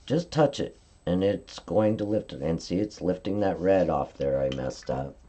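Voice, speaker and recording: A woman's voice: a bass voice, expressive, moderate pace, background noise. A woman giving a live-stream card-making tutorial, explaining each coloring step in a chatty way and often checking in with "okay?".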